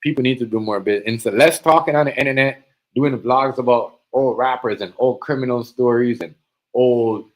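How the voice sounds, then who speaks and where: A man's voice: medium pitch, brisk, rough recording. Slangy man ranting on a stream. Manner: animated, street slang, repeats himself. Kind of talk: casual livestream monologue.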